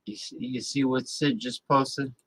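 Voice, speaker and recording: Slow-talking, blunt male host. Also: medium pitch, steady tone, slightly rough. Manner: blunt, scornful, grumbling. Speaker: live-stream talk show host. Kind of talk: casual ranting monologue, reacting to viewer chat.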